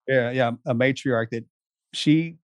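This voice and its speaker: A man's voice: medium pitch, a little slow, no echo. Man, guest, folksy storyteller, close and dry. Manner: folksy, laughing asides. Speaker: guest, Navy SEAL veteran. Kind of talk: casual storytelling.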